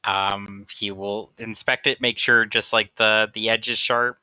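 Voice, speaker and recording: A man's voice: on the low side, steady tone, unhurried, sharp tone, clean tone, dry recording, rough recording. A man playing a tabletop game on a call, describing his character's moves hesitantly with many fillers. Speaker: player.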